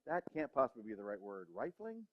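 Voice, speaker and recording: A man's voice: medium pitch, big pitch swings, a little fast. A male pastor giving a sermon in a church, self-deprecating and acting out the voices in his head. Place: church sanctuary. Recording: reverberant hall, dull lo-fi sound.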